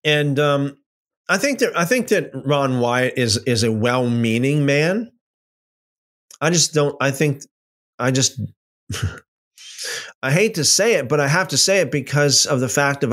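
Lively, animated male Bible teacher. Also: medium pitch. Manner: animated, repeats words and restarts sentences, mocks claims with imitated dialogue. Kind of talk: casual unscripted lecture.

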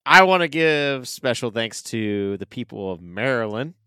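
Bright, clear-voiced laid-back man. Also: mid-range voice, measured pace, no echo, studio quality. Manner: relaxed, laid-back, self-deprecating. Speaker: podcast co-host. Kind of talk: casual podcast chat.

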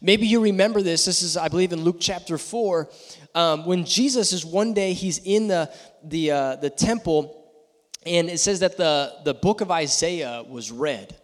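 High-voiced preacher in a reverberant hall. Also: male voice. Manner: builds to loud emphatic peaks, then drops low and slow. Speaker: guest pastor. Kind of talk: sermon. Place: church sanctuary.

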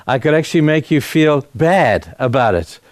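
A man's voice: on the high side, lively intonation, moderate pace, no room sound. A middle-aged man preaching to a church, talking conversationally and building to fervent emphasis. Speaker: guest speaker at a church. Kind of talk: sermon.

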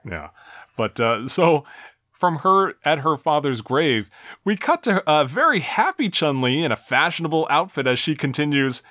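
A man's voice: on the high side, very animated, moderate pace, sharp tone, dry recording, studio quality. A man co-hosting a casual talk show, walking through game endings and reading their text aloud with a wry tone. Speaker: podcast co-host. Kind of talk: casual retro game discussion.

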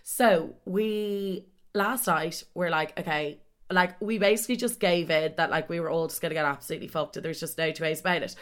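A woman's voice: on the low side, a little fast. A young woman telling a holiday story in casual chat, swearing freely and acting out what people said. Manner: animated, sweary, acts out quotes.

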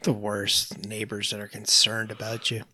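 A man's voice: fairly low pitch, moderate pace, no room sound. A man co-hosting a podcast, bantering and cracking jokes in casual chat. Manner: joking, animated. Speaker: podcast co-host.

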